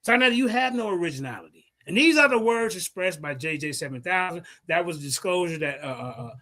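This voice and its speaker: Brash, lively high-voiced man ranting. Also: quick pace. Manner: brash, profane, mocking, reads out sources. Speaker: livestream host. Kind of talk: heated livestream rant.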